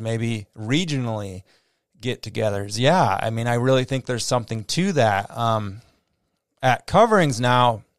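A man's voice: medium pitch, no echo, studio quality. A man with a Midwestern American accent hosting a solo podcast, talking casually with many fillers and restarts. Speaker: podcast host. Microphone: close podcast mic.

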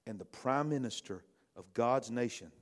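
A middle-aged pastor, preaching in a conversational style that swings between loud bursts and hushed asides. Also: male voice, mid-range voice, normal speed. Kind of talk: sermon.

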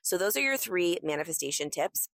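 A woman's voice: fairly low pitch, a little fast, gravelly, no room sound. A young adult woman hosting a motivational podcast, talking in a breezy, enthusiastic and encouraging way into a close microphone. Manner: enthusiastic, breezy and encouraging, acts out excited quotes. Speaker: podcast host.

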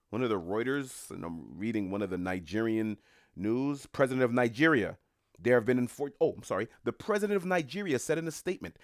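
A man's voice: mid-range voice, no room sound, studio quality. A middle-aged man talking casually to his viewers in a rambling, musing way with mocking asides. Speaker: commentator.

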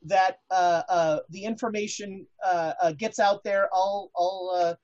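A woman's voice: mid-range voice, steady tone, unhurried, a little mellow, dull audio. A woman hosting a casual chat show, talking with many fillers and restarts. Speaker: podcast host.

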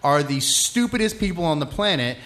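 A man's voice: a little high, sing-song, a bit bright. A man who teaches, co-hosting a casual podcast chat, joking and chiming in. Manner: chatty, joking, quick interjections.

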